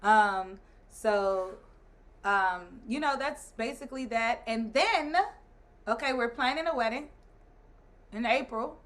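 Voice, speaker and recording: A woman in her thirties, a guest and the host's wife, telling a story in casual chat, animated and laughing as she acts out other people's lines. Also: fairly high pitch, slow, pauses often.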